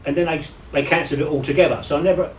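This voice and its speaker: Quick-talking middle-aged guy, swears a lot, boomy container far from the mic. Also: fairly even intonation, reverberant, a little hiss or hum. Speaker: comedian. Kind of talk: casual banter.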